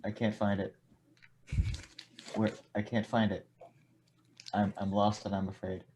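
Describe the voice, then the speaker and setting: A man's voice: on the low side, little pitch movement, unhurried, a little mellow, a little hiss or hum. A man hosting a casual podcast chat, rambling with lots of fillers and restarts. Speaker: podcast host.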